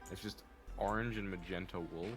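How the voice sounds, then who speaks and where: A man joining a gaming stream as a guest, chatting casually and easygoing, quick to laugh. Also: sits low, fairly even intonation, over music. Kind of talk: casual chat while gaming.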